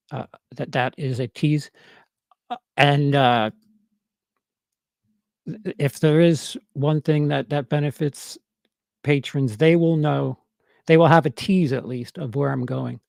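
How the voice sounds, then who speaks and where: A man with a New York accent talks casually on a livestream, stumbling through repeated restarts as he answers his chat. His voice sits a bit high and is heavily gravelly with fry. The sound is dry and close. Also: no room sound. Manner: halting, many stammered restarts and fillers.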